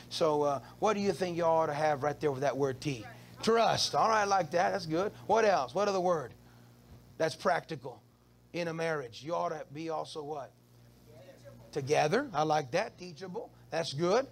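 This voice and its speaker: A man's voice: a little high, lively intonation, moderate pace. A male pastor preaching a sermon in church, calling out to the congregation and repeating words as he goes. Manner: call-and-response preaching, stammering repeats.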